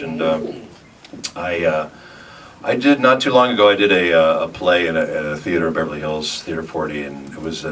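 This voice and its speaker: A man's voice: extremely low pitch, fairly bright tone. A man, a voice actor on a convention panel, telling rambling stories to a live audience and chuckling often between restarts. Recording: distant mic, noisy room.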